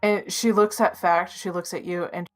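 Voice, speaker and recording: A woman's voice: lowish voice, fairly even intonation, normal speed. A woman narrating as game master of a tabletop game, talking in a hesitant way with many fillers.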